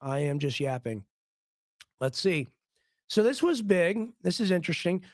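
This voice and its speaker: A hoarse man hosting a live political stream, ranting in a rambling, heated way and often repeating his words. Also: high voice, very animated, measured pace, a little mellow, no echo. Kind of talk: casual ranting commentary stream.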